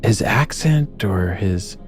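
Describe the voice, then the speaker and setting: A man at a tabletop game teases the others in quick, casual chat. His pitch swings lively up and down, with faint music in the background. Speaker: player.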